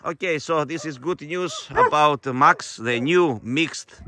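A middle-aged man who runs an animal shelter, chatting casually on camera in halting, non-native English and coaxing his dogs fondly. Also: a little high, pushed and bright, slight background noise. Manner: fond, coaxing talk to the dogs. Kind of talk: casual vlog narration.

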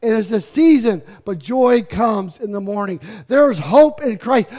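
A man's voice: high-pitched, lively intonation, a little slow, hardly any pauses, dark tone. A man in his fifties preaching a sermon to his church, earnest and pleading, with joking asides to the congregation. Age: 50s. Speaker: pastor. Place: church sanctuary.

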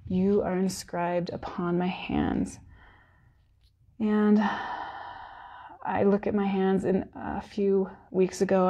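Woman with a husky, gravelly voice for a heartfelt church devotional, earnest and near tears. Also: lowish voice, dark tone. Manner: earnest, emotional, close to tears. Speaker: worship speaker. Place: church service.

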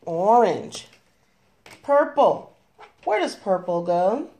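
A young woman guides a toddler through a home lesson, speaking very slowly and patiently. Her pitch rises and falls a lot as she coaxes and praises. The tone stays gentle and encouraging throughout. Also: sing-song. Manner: slow, patient, coaxing, lots of praise. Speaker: parent teaching a toddler.

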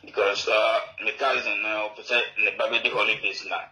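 Male caller, rambling in broken English, piercing bright tone, roomy echo. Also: fairly low pitch, little pitch movement, normal speed, a little hiss or hum. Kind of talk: phone-in conversation.

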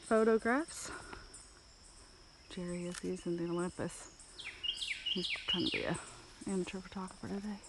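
A woman's voice: medium pitch, noisy background. A woman walking an outdoor park loop and chatting to her camera, pointing out sights and venting casually. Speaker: vlogger. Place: outdoors on a rural park road. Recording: faint outdoor ambience with insects.

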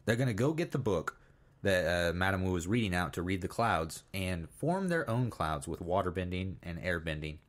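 Deep-voiced young man retelling a cartoon. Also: sing-song. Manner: halting, with many fillers, restarts and quoted lines. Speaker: podcast co-host. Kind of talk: casual chat recapping a cartoon. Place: studio.

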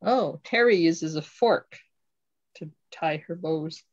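Woman craft-stream host, lower voice, exclaims a lot, dry lo-fi audio. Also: slow pace, dry recording. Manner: gushing, exclaims over each item. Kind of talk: casual live unboxing chat.

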